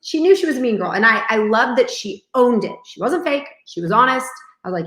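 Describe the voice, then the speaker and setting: A bubbly, jokey woman chatting as co-host of a live stream. She talks fast in a fairly high voice. The sound bounces around an echoey room. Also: expressive, a bit bright. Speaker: co-host, teacher. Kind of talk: casual live Q&A chat.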